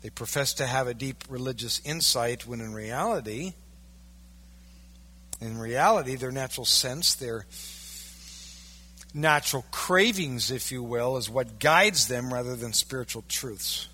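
Husky bright-toned pastor guy preaching hard, big loud peaks then drops way down. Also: unhurried. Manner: emphatic preaching, rising to loud peaks then dropping low. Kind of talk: sermon.

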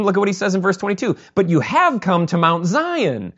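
A male pastor delivering a sermon in a casual, animated way, his pitch sitting a little high and swinging widely as he acts out what people might say. The recording is dull and lo-fi. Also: fast talker, hardly any pauses. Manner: animated, conversational preaching with acted-out quotes.

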